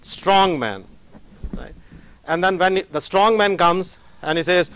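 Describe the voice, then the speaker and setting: A man's voice: high-pitched, slow pace, clean tone. A middle-aged man, a professor giving a motivational lecture and acting out little dialogues as he tells stories. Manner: animated storytelling, acting out dialogues.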